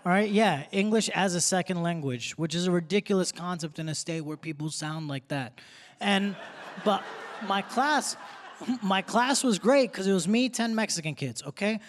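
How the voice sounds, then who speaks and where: High-voiced young comedian on stage. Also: male voice, moderate pace, long reverb tail. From grew up in Texas. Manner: punchy, conversational delivery with crowd asides. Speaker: stand-up comedian. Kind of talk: stand-up set. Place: theater stage before a live audience. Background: audience laughter.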